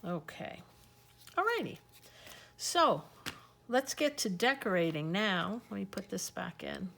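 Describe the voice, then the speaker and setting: A woman hosts a casual crafting tutorial at her craft table, talking through each step as she works. She speaks slowly and unhurriedly in an easygoing, chatty way, thinking aloud. A faint background noise sits under her voice. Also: mid-range voice, animated, creaky, fairly bright tone.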